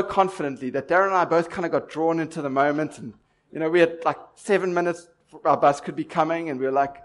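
A man's voice: a little high, a little fast. A man from Durban preaching a sermon, telling stories and asking rhetorical questions in a conversational way. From Durban, South Africa.

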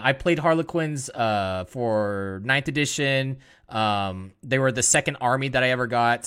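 A man's voice: medium pitch, a bit bright. A young man hosting a casual gaming podcast, upbeat and playful, laughing often as he teases his co-hosts. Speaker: podcast host.

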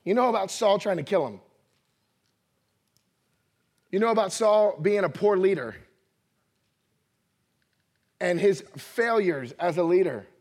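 A man in his thirties preaching a lively sermon, acting out little quoted voices and laughing often as he talks. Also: sits high, moderate pace, pauses often. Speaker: pastor. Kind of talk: energetic sermon.

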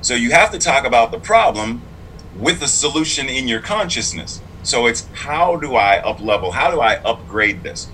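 A man's voice: medium pitch, big pitch swings, normal speed, bright, forceful tone, a little hiss or hum, poor audio. A man who is both clergy and a public school teacher, speaking in a casual interview in an earnest, reflective and emphatic way.

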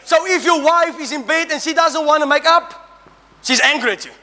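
A middle-aged man preaching a sermon to a congregation, animated and humorous, rising to shouts and drawing call-and-response. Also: very high-pitched, normal speed. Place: church hall. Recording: church hall reverb.

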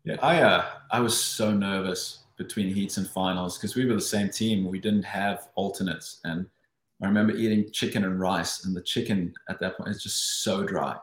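A fairly low-voiced man from South Africa recalls his swimming days in a lively, storytelling way. He often restarts his sentences and acts out what went through his head. The room around him sounds roomy and echoey. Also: moderate pace. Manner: animated, with frequent restarts and acted-out inner voices. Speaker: guest, former Olympic swimmer. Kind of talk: casual interview storytelling.

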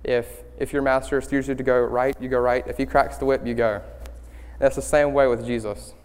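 A young man giving a student-led sermon, earnest and halting, with many ums and restarts. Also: mid-range voice, level tone, a little mellow, smooth. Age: young adult. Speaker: student speaker leading worship. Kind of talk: church sermon. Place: church sanctuary. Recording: hall reverb in a church.

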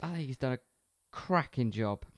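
A man's voice: mid-range voice, animated, moderate pace, dry recording, studio quality. A man co-hosting a casual film podcast, chatty and upbeat. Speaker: podcast co-host. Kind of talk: casual chat.

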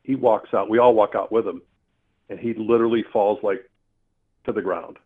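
A man telling a personal story in a casual, earthy, animated way, with mild swearing. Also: on the low side, normal speed, husky. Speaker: storyteller guest. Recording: tinny phone-line sound.

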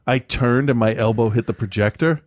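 A man's voice: medium pitch, dry recording, clean studio sound. A man in casual chat, telling rambling, profane stories with a lot of restarts and self-mocking asides. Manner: halting with frequent restarts and ums.

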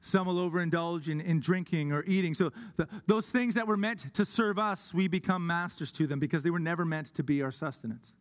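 A man preaching a sermon as pastor of a church, earnest, slowing down on key words for emphasis. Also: on the high side. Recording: long hall reverb.

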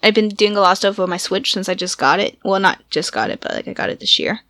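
A woman's voice: medium pitch, expressive, fast talker, fairly bright tone, dry recording, studio quality. A woman chatting casually as a co-host, rambling as she goes. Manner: rambling, with many fillers and restarts. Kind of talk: casual chat.

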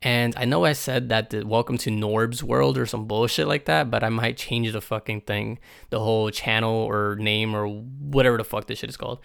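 Hoarse young guy with a raspy, gravelly voice, just rambling off the dome on his podcast, cussing a lot, tons of likes. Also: fairly low pitch, steady tone, moderate pace, hardly any pauses, fairly bright tone. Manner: rambling, swears a lot, many fillers. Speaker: podcast host. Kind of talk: casual unscripted podcast monologue.

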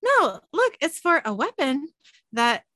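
Woman reading an earnest young guy hunter, bright, lively. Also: high voice, a little slow, no echo, pitched above the performer's own voice, full character voice. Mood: urgent. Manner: light read-aloud of quoted lines.

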